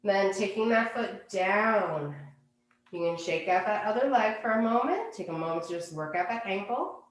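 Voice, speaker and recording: A woman teaching a yoga class, giving calm, unhurried cues for poses and breathing. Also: medium pitch, roomy sound. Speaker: yoga instructor. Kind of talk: guided yoga class instruction.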